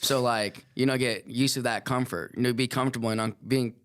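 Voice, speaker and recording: A man's voice: medium pitch, fairly even intonation, a little fast, fairly bright tone, smooth. A male podcast co-host in casual chat, reacting and asking follow-up questions. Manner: reactive, chimes in and asks questions.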